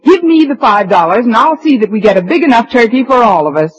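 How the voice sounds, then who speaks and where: A woman's voice: on the high side, lively intonation, quick pace, close to an everyday voice. An actress playing a dry, sarcastic woman schoolteacher in a 1950s radio sitcom, also narrating. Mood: wry. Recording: dull lo-fi old radio recording.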